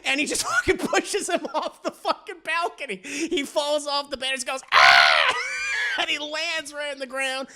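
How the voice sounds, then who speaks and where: A young man recapping a TV episode in a casual, animated, profane way, stammering often. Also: very high voice, normal speed, shouting. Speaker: TV reviewer.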